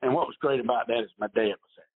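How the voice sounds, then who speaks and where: A man's voice: medium pitch, fast talker, slightly rough. An older man telling rambling golf stories in a podcast interview, with many restarts, heard over a phone line. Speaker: golf pro guest.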